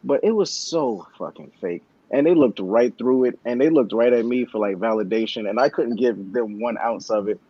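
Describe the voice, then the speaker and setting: Husky man telling a story casually. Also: mid-range voice, moderate pace, few pauses, no echo. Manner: laid-back, swearing, dry asides. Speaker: podcast co-host. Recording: dull lo-fi podcast recording.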